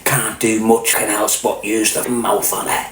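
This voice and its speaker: A man's voice: on the low side, flat delivery, unhurried, a bit bright. Crude joking Scouse man, roomy sound. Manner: crude, joking, mock-aggressive banter. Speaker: podcast host. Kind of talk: casual livestream rant. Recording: roomy echo.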